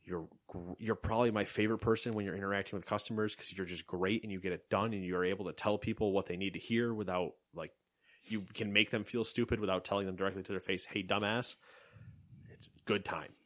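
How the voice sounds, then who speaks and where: On a chatty podcast, this co-host's deep voice moves at a quick clip. He's a lively storyteller who performs the quotes he recounts and breaks into laughter frequently.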